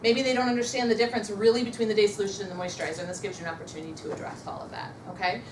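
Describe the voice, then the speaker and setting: A woman's voice: medium pitch, steady tone, racing, reverberant, recorded from a distance, noisy background. A woman leading a motivational sales training session, upbeat and coaching, and having her audience repeat affirmations after her. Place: meeting room with a live audience.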